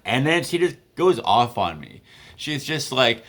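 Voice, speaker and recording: A man's voice: on the low side, expressive, brisk, a bit bright. A man in his twenties casually telling a story, rambling with many fillers and laughing between lines.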